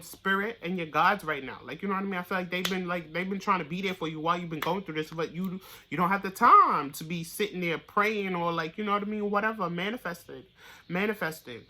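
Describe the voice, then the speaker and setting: A tarot reader giving a casual, blunt and profane reading straight to the viewer, getting louder and higher when fired up. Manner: blunt, profane, pep-talk delivery.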